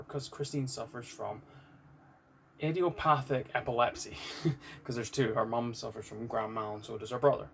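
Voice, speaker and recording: A British man in an unscripted vlog, candid and rambling, swearing now and then. His voice sits at an ordinary middle pitch, with a faint hum of room noise behind him. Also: fairly even intonation, moderate pace, vocal fry. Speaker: vlogger. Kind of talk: unscripted personal vlog monologue.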